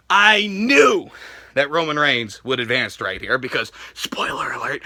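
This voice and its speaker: A man with an extremely high, gravelly voice rants through a wrestling recap, swinging from shouts to mutters. His tone is sharp and bright, and the sound is close and dry. He swears freely and jokes as he goes. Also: no echo. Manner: loud, profane, jokey ranting with sudden shouts. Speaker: wrestling vlogger.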